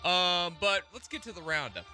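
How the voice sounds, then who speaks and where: Bright, joking radio co-host man. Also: high voice, sing-song, moderate pace, faint music behind. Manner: joking, teasing, bright delivery. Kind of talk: casual sports radio banter. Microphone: studio microphone.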